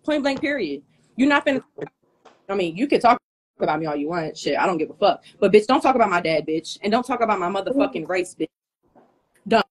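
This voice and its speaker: Brisk and animated, this woman's mid-range voice has a slightly rough edge. She's hot and sweaty, hosting a live stream from her phone and unleashing a profane, angry, confrontational tirade at a rival.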